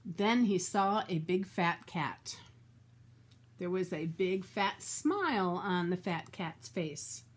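Slow, husky grandma reading a storybook. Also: female voice, fairly low pitch. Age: older. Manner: slow, expressive and chatty, adding comments to the story. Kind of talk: children's storybook read-aloud.

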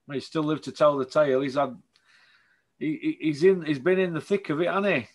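A man's voice: a little high, steady tone, a little fast. A man hosting a casual boxing chat, tired after a long day, rambling with tag questions. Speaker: host.

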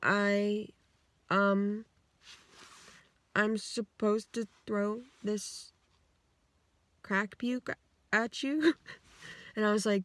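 Casual woman vlogger, rambling, animated quoting, dry close sound, car. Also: medium pitch, extremely slow, pauses often, no room sound. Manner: rambling and animated, acts out quotes, swears freely. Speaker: vlogger retelling her dreams. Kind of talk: casual storytelling. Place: inside her car.

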